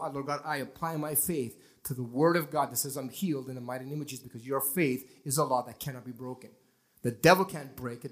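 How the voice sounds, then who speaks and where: A male pastor preaching a lively sermon in a church, acting out scenes and quoting scripture. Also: mid-range voice. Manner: animated preaching, acting out people straining to believe.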